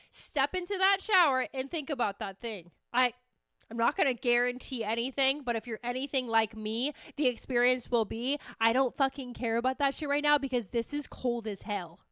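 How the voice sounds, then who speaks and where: Young woman podcast host, high bright voice, dry close sound; chatty, swears freely, jokes about herself. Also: clean tone, no room sound. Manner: rambling, swearing, animated and self-mocking. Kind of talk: casual solo chat.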